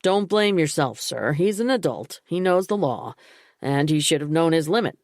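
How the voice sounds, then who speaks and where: A woman reading the part of a male police detective, measured and deferential, in an audiobook. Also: low-pitched, animated, a little mellow, no room sound, clean studio sound.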